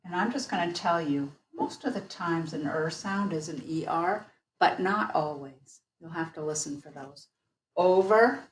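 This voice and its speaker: A woman teacher giving an online phonics lesson, patiently sounding out words slowly. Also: low-pitched, a little hiss or hum. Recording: echoey room.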